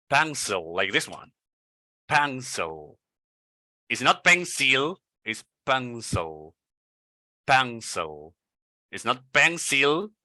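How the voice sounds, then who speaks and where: Slow, bright-voiced man coaching pronunciation. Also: medium pitch, dry recording. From Venezuela. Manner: slow, repeats words several times to model pronunciation. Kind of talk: live online pronunciation lesson. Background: party noise nearby.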